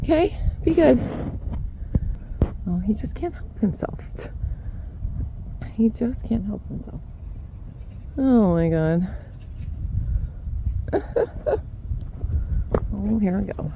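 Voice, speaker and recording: A woman's voice: medium pitch, big pitch swings, drawn-out words, gravelly, pauses often, noisy background. A young woman vlogging at her barn, chatting and baby-talking to her horses and cat as she works. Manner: chatty, talks to the animals in baby-talk. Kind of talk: casual vlog chat with horses. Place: outdoor barn and paddocks.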